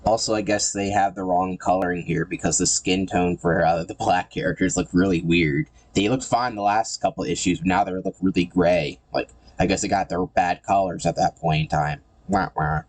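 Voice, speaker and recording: A man with a notably low voice talks through a comic book run in a loose, casual way. He is sarcastic and irreverent, and he often stumbles and repeats words mid-sentence. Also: moderate pace, hardly any pauses. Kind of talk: casual commentary.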